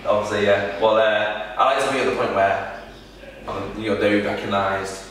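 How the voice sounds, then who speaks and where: Man, wrestler, halting casual answers, lowish voice, echoey room, off-mic. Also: fairly even intonation, fairly bright tone, recorded from a distance, slight background noise. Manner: halting, many restarts and fillers. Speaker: wrestler being interviewed.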